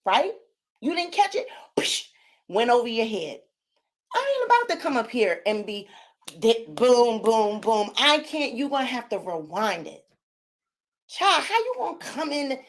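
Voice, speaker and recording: A woman hosts her own channel in loose, casual chat. Her voice is loud and sits high, and she talks in an animated, sassy way, addressing viewers directly and fussing over her dog. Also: unhurried. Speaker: channel host.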